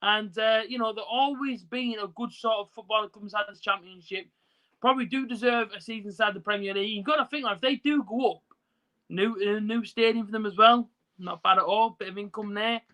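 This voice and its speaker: A man hosting a casual football watch-along stream, talking into his phone and reading out viewers' comments. His voice sits high and sounds bright and forceful, and his talk is loose and chatty, full of fillers. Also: steady tone, brisk, rough recording. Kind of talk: casual live stream chat.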